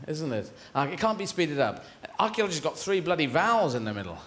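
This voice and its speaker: A man's voice: sits high, very animated, quick pace, hardly any pauses, fairly bright tone, slight background noise. A man performing a rambling, digressive stand-up routine on a large theatre stage, heard with audience laughter in an echoey hall. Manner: rambling, digressive, self-correcting. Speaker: stand-up comedian.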